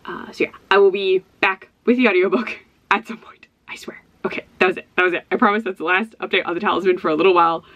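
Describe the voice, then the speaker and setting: A woman's voice: fairly low pitch, fairly even intonation, fast, a bit bright, dull audio. Bubbly, chatty woman book vlogger. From Ohio, USA. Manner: chatty and bubbly, laughs often. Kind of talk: casual chat to camera.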